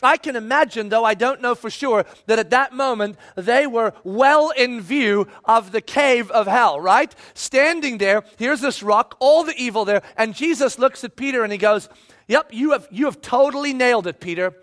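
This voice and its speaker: A man preaching a sermon in an animated way, acting out voices and shouting at times for emphasis. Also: very high voice, normal speed, hardly any pauses.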